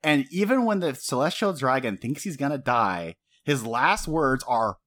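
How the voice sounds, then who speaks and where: Animated, swearing young man. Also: medium pitch, normal speed, few pauses. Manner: animated, profane, laughs often. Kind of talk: casual anime recap chat.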